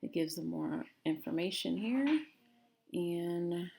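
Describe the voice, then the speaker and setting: A woman's voice: lowish voice, slow, gravelly, warm tone, husky. Casual woman explaining a booking screen. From United States. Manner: casual, talks to viewers as "guys". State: out of breath. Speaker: travel agent trainer. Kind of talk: screen-recorded tutorial walkthrough.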